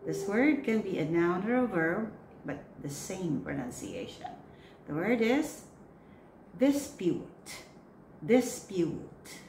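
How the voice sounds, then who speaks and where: A woman coaching church readers on pronunciation. She says each word slowly and clearly, then repeats it. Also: medium pitch, sing-song, darkish tone. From Philippines. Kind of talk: pronunciation drill, slow and repeated. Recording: echoey room with faint noise.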